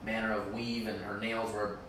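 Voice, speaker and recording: A man's voice: lowish voice, moderate pace. A man hosting a casual podcast, telling stories with a laugh and the odd swear word. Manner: animated storyteller, laughs often, swears. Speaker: podcast host. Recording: roomy room, distant mic, faint noise.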